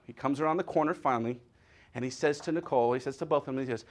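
A man's voice: medium pitch, rapid-fire. A middle-aged man preaching a humorous sermon, telling stories with playful wordplay. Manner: animated storytelling with playful wordplay.

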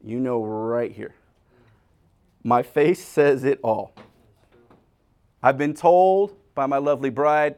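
Comic male preacher, middle-aged, lively swooping voice, acts out bits for laughs. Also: on the high side, measured pace, long pauses. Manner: animated, jokey, acts out little scenes. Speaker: pastor. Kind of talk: humorous sermon.

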